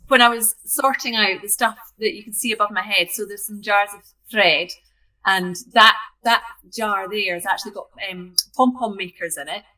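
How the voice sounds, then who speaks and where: A woman's voice: medium pitch, moderate pace, sharp tone, low-quality recording. A woman from Scotland co-hosting a casual crafting chat from her craft room over a video call, friendly and prone to digressing. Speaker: co-host, craft kit business owner.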